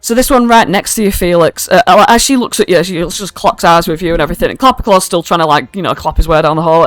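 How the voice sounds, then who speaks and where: A woman narrates a tabletop game as game master in a loose, chatty way, swearing and stopping for fillers. Her voice is smooth and clear. The mic is close and dry. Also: fairly low pitch, fast talker, hardly any pauses, dry recording. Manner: casual and swearing, with many fillers. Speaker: dungeon master.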